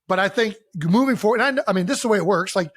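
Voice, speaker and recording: A man with a notably high-pitched speaking voice holds forth as a podcast co-host. He explains his points at length with emphasis, and he swears freely in loose, casual sports chat. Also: expressive, rapid-fire, fairly bright tone, slightly rough, no room sound, studio quality.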